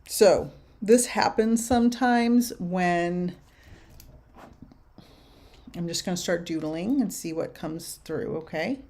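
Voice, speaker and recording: Slow-speaking older woman medium. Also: fairly low pitch. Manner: slow, musing, relays messages with soft laughs. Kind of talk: livestream reading, answering viewer questions.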